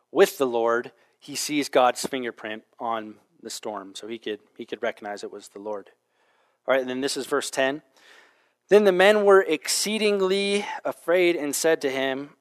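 Male pastor, mid-pitched voice, casual storytelling sermon with Bible reading. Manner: conversational storytelling with frequent fillers.

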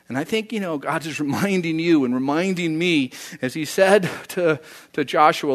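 A man preaching a sermon, animated, acting out quoted voices and swinging from loud to soft. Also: fairly high pitch, fairly quick. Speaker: pastor.

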